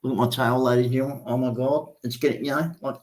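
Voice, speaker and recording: A man's voice: mid-range voice, fairly even intonation, fast talker, darkish tone. Rambling Australian man in his sixties. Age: 60s. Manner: rambling, swears freely, many ums. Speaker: livestream host. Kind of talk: casual live-stream chat.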